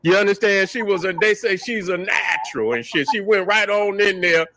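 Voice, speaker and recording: A man's voice: high voice, moderate pace, pushed and bright, no echo, poor audio. A man hosting a show, ranting in a profane, joking, trash-talking way and laughing at his own jokes. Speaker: podcast host. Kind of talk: casual commentary rant.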